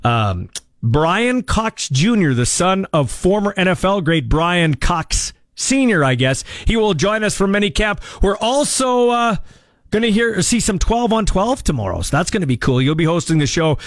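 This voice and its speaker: A man hosting a sports radio show, talking quickly and casually with plenty of fillers. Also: high voice, animated, no room sound. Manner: quick, chatty, loose with fillers.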